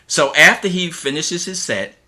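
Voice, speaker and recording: A middle-aged man, a school teacher, telling an animated story in an interview and acting out the people he quotes. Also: fairly high pitch, moderate pace. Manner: lively storyteller who acts out the voices of people he quotes.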